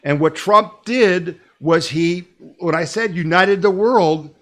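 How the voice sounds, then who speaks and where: A man's voice: high voice, takes it slowly, fairly bright tone. A man hosting a weekly news podcast, talking emphatically and urgently and pressing listeners to act. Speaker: podcast host.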